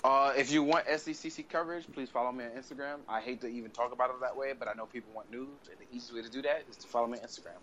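A man co-hosting a podcast, teasing his partner in casual banter and laughing loudly. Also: medium pitch, fairly even intonation, racing, few pauses, muffled recording, slight background noise. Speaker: podcast co-host.

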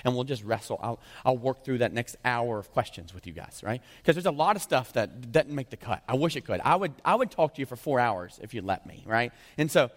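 A thirty-something pastor preaches in a conversational, jokey way, constantly tossing in "right?", his words echoing around the church hall. He speaks a little fast in a sing-song, medium-pitched voice, barely pausing.

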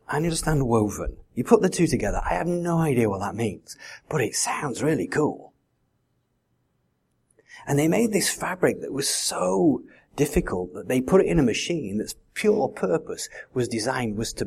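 A man's voice: medium pitch, big pitch swings, moderate pace, creaky, a little mellow, breathy edge. A man preaching a sermon in a conversational way, full of rhetorical questions. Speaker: pastor.

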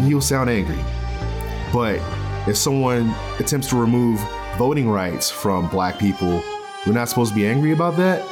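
A man hosting a casual solo podcast from his bedroom, talking in a loose, rambling way with many fillers and restarts. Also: medium pitch. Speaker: podcast host. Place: bedroom at home.

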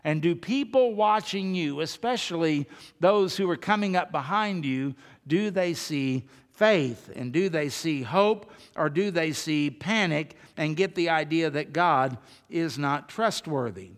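A man's voice: fairly high pitch, expressive, unhurried. A man preaching a sermon as pastor, earnest and emphatic, repeating phrases to drive his point home. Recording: long reverb of a large hall.

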